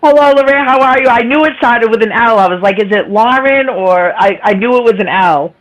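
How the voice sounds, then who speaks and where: A woman's voice: fairly high pitch, fairly quick, dull audio. A woman with a nasal voice, hosting a live stream in casual, teasing chat. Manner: chatty, teasing, laughs often.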